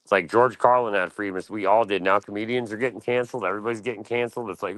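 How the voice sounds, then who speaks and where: Fast-talking, blunt, profane man. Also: on the low side, fairly bright tone, dry recording. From United States. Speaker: podcast panelist. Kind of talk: casual opinion rant.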